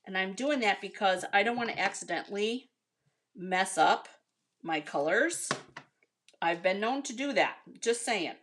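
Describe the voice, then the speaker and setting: A woman's voice: mid-range voice, expressive, unhurried, a bit bright, slight background noise. An American woman chatting casually with viewers as she demonstrates a card-making project, calling them "you guys" and "honey.". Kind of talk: casual craft tutorial.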